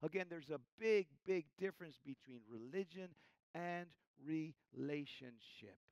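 A man, preaching a sermon and calling his listeners "church", swinging between loud emphasis and hushed, soft lines. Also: on the high side, animated, measured pace, no room sound, low-quality recording. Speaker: pastor.

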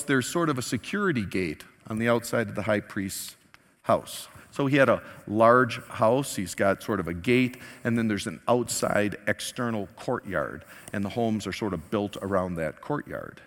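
A male pastor preaching a sermon, telling a story with lively acted-out quotes. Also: lowish voice, normal speed. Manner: animated storytelling, acting out quoted lines. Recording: long hall reverb.

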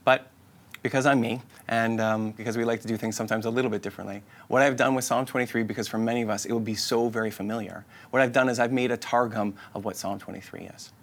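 A man's voice: steady tone, fast. Earnest man preaching a sermon. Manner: earnest, repetitive, inviting phrasing; drops to a soft, low voice in prayer. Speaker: pastor.

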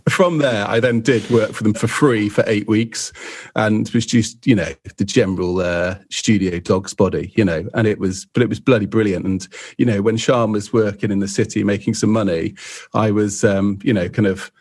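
A middle-aged man from England tells rambling, self-deprecating stories in a relaxed podcast chat. His voice is gravelly with a husky edge, and he breaks into the voices of people he's quoting. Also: lowish voice, normal speed. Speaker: podcast guest and co-host photographer. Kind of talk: casual storytelling chat.

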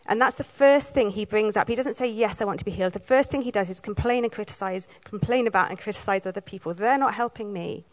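A woman from Wales giving a sermon, telling the story in a lively way and acting out the lines she quotes. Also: mid-range voice, quick pace, hardly any pauses. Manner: lively storytelling, acts out quoted lines, laughs now and then. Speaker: preacher.

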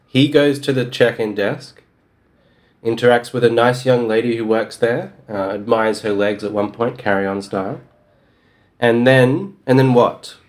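A man's voice: mid-range voice, fairly even intonation, measured pace. A man co-hosting a casual podcast about a novel, recapping the plot in a dry, wry way. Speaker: podcast co-host.

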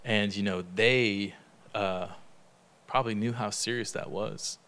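A man leading a casual Bible study, talking in a chatty way, laughing often and retelling stories in lively quoted dialogue. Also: lowish voice, unhurried, clean tone.

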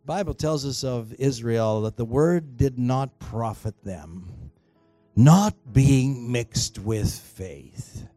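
A man preaching a sermon as pastor in a church, emphatic and swinging between quiet and loud exhortation, urging the congregation to respond. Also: medium pitch, takes it slowly, no echo, soft background music. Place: church sanctuary.

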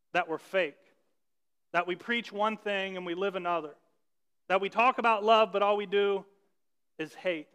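A man's voice: high-pitched, a bit bright, smooth. A man preaching a sermon as pastor, talking conversationally and asking ironic rhetorical questions. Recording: long reverb of a large hall.

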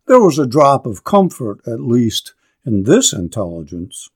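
Slow, expressive male reader. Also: medium pitch, slightly rough. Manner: slow, deliberate reading. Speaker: literature lecturer. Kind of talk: reading a classic story aloud with commentary.

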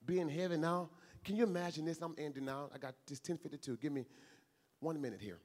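Guy preaching, kinda high voice, earnest and chatty, lots of repeating, long echo like a big hall. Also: fast talker, darkish tone. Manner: earnest, repetitive, conversational preaching with acted-out dialogue. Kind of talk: sermon.

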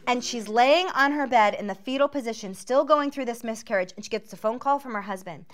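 A woman telling her missionary testimony as a dramatic personal story, earnest and often dropping to a hushed voice. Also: a little high, fairly quick. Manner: earnest, drops to a hushed voice at tense moments.

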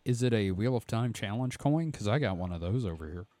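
Hoarse, lively-voiced male podcast co-host. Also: lowish voice, a little fast, dry recording. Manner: joking, profane, reads stories aloud. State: hoarse throat. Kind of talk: casual banter.

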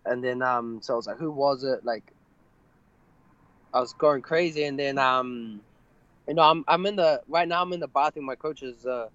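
A young man, an MMA fighter, telling a personal story in an interview, halting and full of fillers. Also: medium pitch, a bit bright, no echo, lo-fi sound. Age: young adult. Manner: halting, many fillers and restarts.

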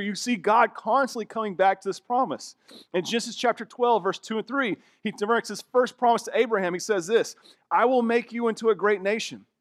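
A man's voice: high-pitched, no echo. Man, pastor, sermon, conversational, emphatic, dry close sound. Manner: conversational, emphatic preaching with rising bursts.

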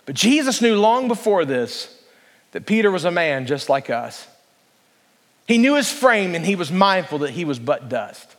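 A male pastor with a notably high voice delivers an earnest sermon. He slows to a deliberate pace over scripture and draws the congregation into answering. His words ring out with a long reverb from a large church hall. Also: sing-song. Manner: earnest preaching, slows down to read scripture aloud, asks the congregation to respond.

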